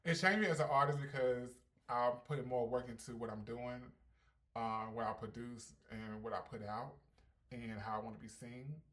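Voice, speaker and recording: A ballroom performer hosting a casual Q&A vlog, brash and sassy with heavy slang, swinging between loud hyped bursts and calm reflection. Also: medium pitch, normal speed. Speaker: ballroom performer and channel host.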